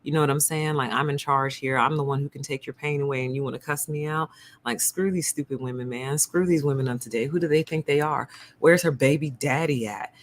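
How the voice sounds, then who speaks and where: Woman doing a contemptuous bro-talking male anesthesiologist, low and muttering. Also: a little fast, a little hiss or hum, close to an everyday voice. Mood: scornful bro-talk. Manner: sneering, dismissive.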